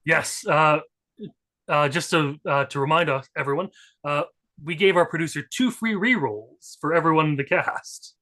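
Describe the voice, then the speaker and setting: A man's voice: fairly high pitch, normal speed, sharp tone. A man narrating as game master of a tabletop role-playing game, laid-back and joking, with fillers.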